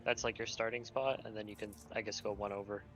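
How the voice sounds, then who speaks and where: A man's voice: lowish voice, little pitch movement, quick pace, fairly bright tone, poor audio. A man on a live board game stream, talking another player through her moves. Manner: coaching others through their moves.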